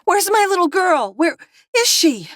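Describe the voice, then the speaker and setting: A woman's voice: measured pace, no echo, clean studio sound, natural voice. A woman voicing a panicked young mother. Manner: screaming, high-pitched with panic.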